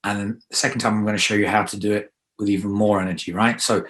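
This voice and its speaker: A man coaching a guided affirmation exercise, energetic and emphatic, coaxing the listener to repeat after him. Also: fairly low pitch, quick pace.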